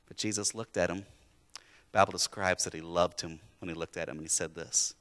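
A man's voice: deep voice, fairly even intonation, a little fast, a bit bright, big-room sound. A male pastor preaching a sermon in a church, emphatic and repeating his key phrases.

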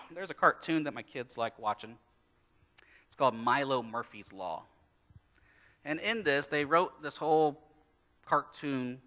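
A pastor preaching a sermon, telling a story about his kids and acting out their lines in lively storytelling. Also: medium pitch. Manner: animated storytelling, acting out his kids' voices. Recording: long hall reverb.

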